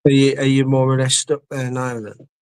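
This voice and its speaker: A man's voice: mid-range voice, level tone, fairly quick, a little mellow, clear, resonant tone. Man asking short casual questions. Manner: asks short, plain questions. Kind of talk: casual chat.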